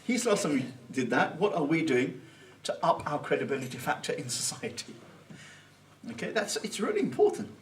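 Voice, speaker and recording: A man giving an informal Islamic Sunday talk, conversational and thinking out loud, with Arabic phrases mixed in. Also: fairly high pitch, sing-song, fairly quick, far from the mic, slight background noise. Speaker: Islamic teacher. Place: Islamic centre hall.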